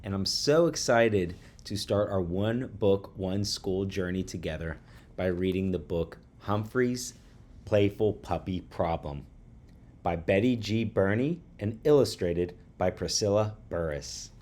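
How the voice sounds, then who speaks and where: A man reading a children's chapter book aloud to students, warm and expressive. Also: low voice, unhurried.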